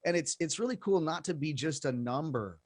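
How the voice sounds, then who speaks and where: A man's voice: fairly high pitch, lively intonation, fairly quick, dry recording, studio quality. A male host explaining investing to his listeners in a chatty way, often repeating words and calling the audience "folks.".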